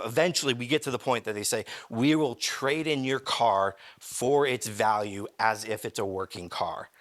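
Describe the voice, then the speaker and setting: A man's voice: mid-range voice, fairly bright tone. A young adult man, a pastor, telling a personal story in a sermon, rambling and cutting himself off mid-sentence. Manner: rambling, self-interrupting storyteller. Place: church.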